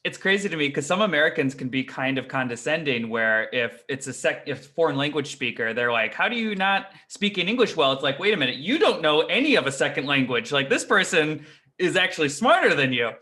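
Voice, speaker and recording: A man's voice: a little high, very animated, a little fast, pushed and bright. A man hosting a casual interview, attentive and encouraging with frequent brief affirmations. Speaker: podcast host.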